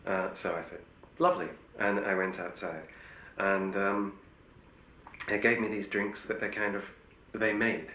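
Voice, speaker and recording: A man's voice: sits low, little pitch movement, measured pace, echoey room, dull audio, a little hiss or hum. A middle-aged male actor telling wry anecdotes in an interview, often restarting his sentences. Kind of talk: interview storytelling.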